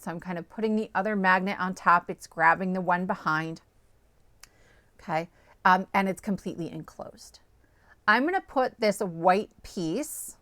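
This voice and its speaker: Walking viewers through a card-making project step by step, a woman host who is an adult parent of small children stays chatty and upbeat, frequently asking "okay?" and "right?". She has a mid-range, slightly bright voice with no room sound.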